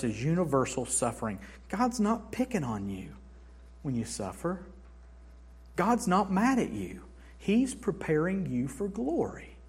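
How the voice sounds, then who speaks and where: In a husky voice on the high side, a male pastor preaches in a church. His sermon swings from quiet, hushed stretches to strong, emphatic pronouncements.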